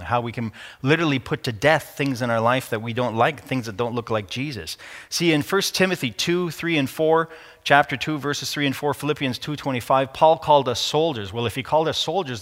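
A man's voice: medium pitch, a bit bright, in a large hall. A man giving an informal sermon, conversational and playful, acting out short exchanges of dialogue in different voices. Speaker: preacher.

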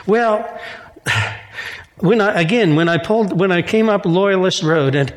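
A man's voice: high voice, unhurried, long pauses, in a large hall. A man preaching a sermon in a church, reading scripture and mixing in casual asides and jokes. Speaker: pastor.

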